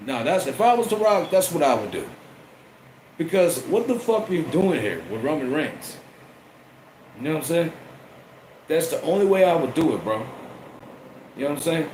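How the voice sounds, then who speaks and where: A man's voice: fairly high pitch, very animated, moderate pace, pauses often, a little mellow. A man giving a casual wrestling review, profane and repeating himself as he rambles. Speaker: wrestling commentator. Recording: echoey room with faint air conditioning hum.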